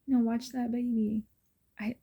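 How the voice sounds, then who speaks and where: A woman's voice: on the high side, little pitch movement, normal speed, warm tone, husky. A woman vlogger telling personal stories in an earnest, emotional way, often dropping to a whisper. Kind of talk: casual personal storytelling.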